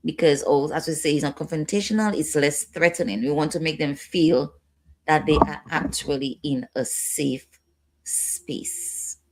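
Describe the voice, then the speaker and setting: A woman's voice: low-pitched, unhurried, slight background noise. A woman instructor giving a training lecture, repeating key points and checking in with her listeners.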